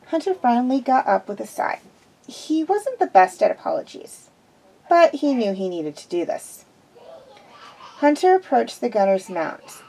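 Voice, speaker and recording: A woman's voice: a little high, dark tone, rough recording. A woman reading fan fiction aloud in an unpolished way, with restarts. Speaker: reader.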